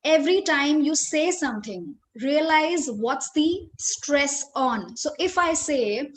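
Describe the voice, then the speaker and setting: A woman's voice: high voice, moderate pace, few pauses. A woman with an Indian English accent leading a live online training webinar, speaking expressively and addressing her audience directly. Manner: expressive, varies tone and stress, engages the audience directly. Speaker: corporate trainer.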